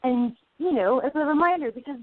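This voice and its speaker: Lady calling in w advice, fairly high voice, runs her sentences together, thin phone sound. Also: dry recording. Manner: rushed run-on sentences with fillers. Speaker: caller offering advice. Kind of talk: casual advice on a call-in show. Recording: tinny phone line.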